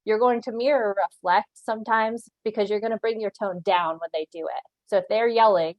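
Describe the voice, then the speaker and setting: A woman's voice: medium pitch, fairly even intonation, a little fast, hardly any pauses, no echo, muffled recording. Earnest woman teaching over a webinar. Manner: earnest and instructive, with occasional laughs and frequent "right?" check-ins. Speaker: animal control officer giving a training. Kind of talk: online training presentation.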